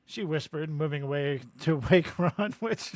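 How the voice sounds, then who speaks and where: A man with a high voice co-hosts a relaxed book podcast, chatting and reading chapter passages aloud. He laughs easily mid-sentence. The sound is dry and close, with no room around it. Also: measured pace, no room sound. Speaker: podcast co-host. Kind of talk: casual book-discussion chat and reading aloud.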